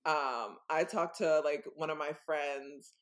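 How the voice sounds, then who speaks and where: A woman's voice: deep voice, fairly even intonation, slow. A young woman co-hosting a podcast, telling a story casually in a rambling way, full of "like" and "um". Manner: rambling, full of "like" and "um", acts out voices. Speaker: podcast co-host.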